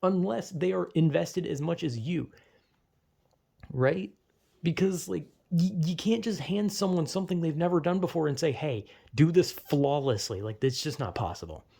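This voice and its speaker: A man's voice: a little high, expressive, moderate pace, creaky, warm tone, slightly rough. A young man ranting casually and profanely, exasperated, often acting out the people he quotes. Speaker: vlogger. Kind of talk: casual rant.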